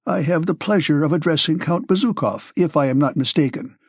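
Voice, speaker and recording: A man voicing a severe, calm old male Freemason who speaks in a deliberate, loud way in an audiobook. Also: fairly high pitch, husky, no echo, clean studio sound. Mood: grave, paternal. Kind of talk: audiobook character reading.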